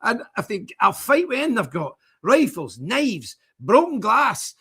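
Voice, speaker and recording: A man's voice: high voice, huge pitch swings, a little slow, hardly any pauses, pushed and bright, breathy edge. An older man from Britain, hosting a stream with a fiery, preachy, defiant rant. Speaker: streamer host. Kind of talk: impassioned livestream rant.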